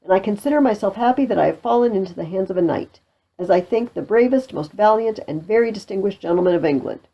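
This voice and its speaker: A woman's voice: medium pitch, animated, quick pace, warm tone, low-quality recording. A woman reading the lines of a frightened captured male soldier begging for his life in a play. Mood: pleading.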